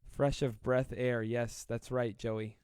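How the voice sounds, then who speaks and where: A man in his twenties hosting a live stream, reading viewer comments aloud and joking with a fast, self-deprecating manner. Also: mid-range voice, little pitch movement, darkish tone, clear, resonant tone, no room sound, clean studio sound. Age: 20s. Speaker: livestream host.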